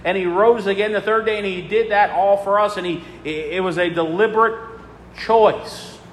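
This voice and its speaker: A man's voice: sits high, steady tone, normal speed, a little hiss or hum. Preaching man in an echoing hall. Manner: preachy, repetitive cadence with many fillers. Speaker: pastor. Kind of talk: sermon. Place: church sanctuary. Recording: long reverb in a large hall.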